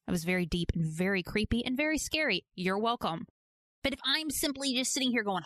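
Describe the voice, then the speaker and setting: A woman's voice: mid-range voice, animated, brisk, fairly bright tone, dry recording, studio quality. A woman from Georgia in the US hosting a casual interview. She tells stories in a playful, self-mocking way. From Georgia, USA. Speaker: podcast host.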